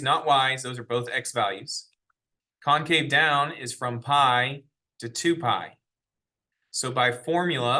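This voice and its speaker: A man's voice: medium pitch, sharp tone. A man teaching a math lesson in a classroom, explaining step by step and asking the class questions. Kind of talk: classroom lecture.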